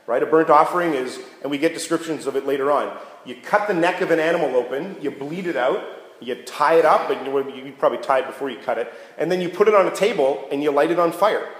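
Joking preacher in an echoey hall. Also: male voice, on the high side, fast talker. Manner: jokey, conversational, keeps asking "right?". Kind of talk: casual sermon teaching. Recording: echoey hall with long reverb.

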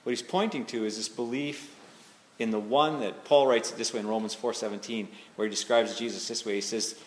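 A man, a pastor, preaching a sermon in a conversational, searching way, slowing down to lean on key words. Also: lowish voice, steady tone, a little hiss or hum. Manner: conversational and searching, slows down for emphasis. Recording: echoey hall with faint ambience.

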